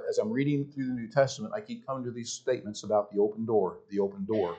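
A man's voice: fairly low pitch, fast, few pauses, darkish tone, muffled recording. A man with a Southern US accent preaching a sermon as pastor in a church, emphatic and prone to repeating his words. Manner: emphatic, repeats phrases, stumbles on restarts.

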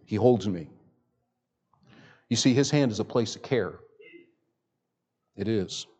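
A man preaching a sermon as pastor in a church, reading scripture slowly and swinging from loud emphasis to near-hushed speech. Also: lowish voice, slightly rough. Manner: reads scripture slowly and deliberately. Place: church sanctuary with a sound system.

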